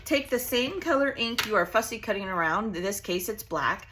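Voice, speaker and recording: A woman's voice: mid-range voice, expressive, moderate pace, noisy background. A woman hosting a casual craft tutorial, chatty and bubbly as she works at her home craft table. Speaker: crafting channel host.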